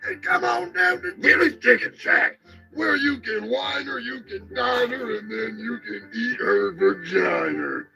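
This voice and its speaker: A rowdy hillbilly pitchman hollers a crude mock radio commercial, as a man puts him on. His high, lively voice swoops and whoops with folksy bluster and a gravelly edge. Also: measured pace, faint music behind, heavily acted, rough recording. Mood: hollering.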